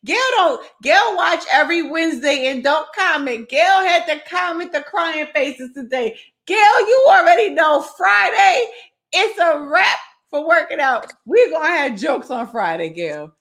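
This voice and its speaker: A woman's voice: high voice, lively intonation, unhurried, fairly bright tone. A woman co-hosting a podcast in casual chat, teasing her co-host and calling him friend.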